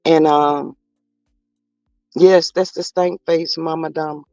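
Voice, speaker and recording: High gravelly-voiced gossipy man. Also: flat delivery, takes it slowly, a little mellow, no echo. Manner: gossipy, drawling, sassy asides to viewers. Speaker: commentary channel host reading live chat. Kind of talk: casual live-stream commentary. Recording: slightly dull lo-fi audio with faint music.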